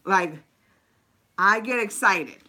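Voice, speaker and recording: A woman's voice: mid-range voice, takes it slowly. A woman vlogger telling stories in a casual live stream and chatting with viewers by name. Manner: animated storyteller, chats with live viewers by name.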